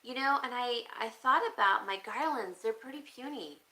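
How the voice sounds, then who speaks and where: A woman hosting a casual live stream, chatting and reading viewer comments aloud, thinking out loud with frequent pauses and fillers. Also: fairly high pitch, rough recording. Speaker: crafting channel host.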